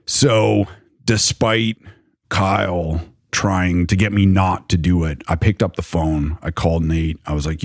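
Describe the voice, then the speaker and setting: Speaking at a normal pace in a steady tone, this young man's low voice carries a rambling personal story full of filler words as he recounts his past. The sound is dry and clean, like a studio.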